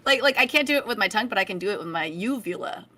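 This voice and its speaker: A woman's voice: medium pitch, lively intonation, rapid-fire, very noisy. A woman co-hosting a morning radio show, bantering playfully and laughing often. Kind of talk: casual morning radio chat.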